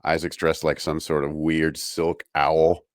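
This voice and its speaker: A man co-hosting a podcast, making deadpan jokes and riffing in mock voices during a casual recap. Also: rumbling low, unhurried, no room sound, clean studio sound. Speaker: podcast co-host.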